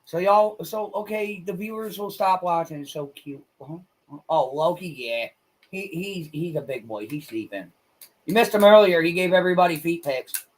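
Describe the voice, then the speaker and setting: A man chatting on a livestream, his voice sitting a little higher than most men's. He talks bluntly and crudely, and he gets excitable between asides. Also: moderate pace. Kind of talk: casual livestream chat.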